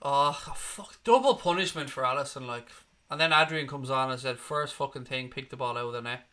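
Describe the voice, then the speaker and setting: A football fan channel host leads a live match watchalong, swearing freely and reacting bluntly as he guides viewers along. He speaks fairly quickly in a medium-pitched voice with a sharp tone.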